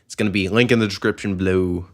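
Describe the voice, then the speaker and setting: A man's voice: sits low, fairly even intonation, fast talker. A young man hosting a casual podcast, rambling with lots of fillers and frequent laughter. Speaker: podcast host.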